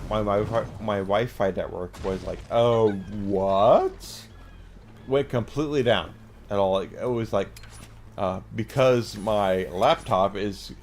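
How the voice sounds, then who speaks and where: A tipsy man with hiccups, streaming a game from home, rambling and mumbling with lots of hums and sighs. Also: lowish voice. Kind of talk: casual gameplay commentary. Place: at home, playing on a laptop. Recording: noisy background.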